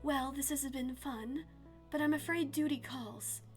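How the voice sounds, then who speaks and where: Sim: mischievous cat-like forest man, sly and hushed, read by a woman, a touch higher than a typical man. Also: steady tone, unhurried, faint music behind.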